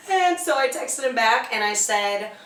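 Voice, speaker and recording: A young woman with a somewhat high voice tells a candid, profane story in a lively, casual way. She sounds distant from the microphone in an echoey room. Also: a little slow, slight background noise. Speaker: vlog co-host. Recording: echoey room, mic far off.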